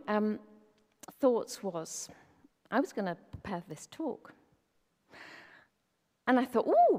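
A woman preaching a sermon in an easy, conversational way, with rhetorical questions tossed to the congregation. Her voice sits fairly high but sounds mellow and soft-edged. It rings out with a long reverb, as if in a large hall.

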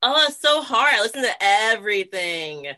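A woman's voice: a little high, sing-song, normal speed, sharp tone. A woman guest on a podcast, talking in an eager, chatty way about her own show. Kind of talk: casual podcast chat.

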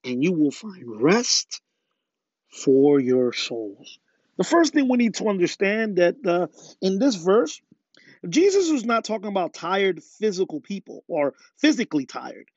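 A high-pitched man delivers a fervent podcast sermon, repeatedly challenging his audience with rhetorical questions. The recording is lo-fi, dull, and dry, without room sound.

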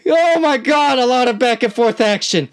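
A woman giving amateur live reaction commentary on a boxing match, excitable and slangy, often talking straight to the fighters. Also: on the high side, moderate pace. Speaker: channel host, amateur commentator.

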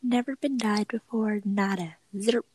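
A woman's voice: mid-range voice, moderate pace, mellow, slight background noise, low-quality recording. A young woman co-hosting a podcast in casual chat, rambling with lots of fillers and giggles. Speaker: podcast co-host.

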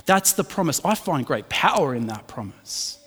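With a sing-song, slightly rough voice of medium pitch and fairly bright tone, a middle-aged man preaches at a moderate pace. His sermon mixes chatty, self-deprecating anecdotes with earnest teaching, recorded in a hall with long reverb.

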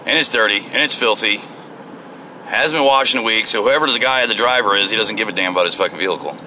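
Profane, rambling man talking while driving, bright edgy tone, faint engine noise. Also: fairly low pitch, fast talker. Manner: rambling, profane, frequent fillers. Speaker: vlogger. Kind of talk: casual driving rant. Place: inside a moving car.

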